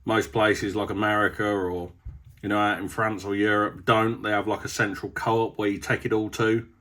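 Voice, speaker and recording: Chatting on his farm vlog, the young man talks at a normal speed in a fairly low, level voice that sounds pushed and bright. His stories meander, and he says um a lot.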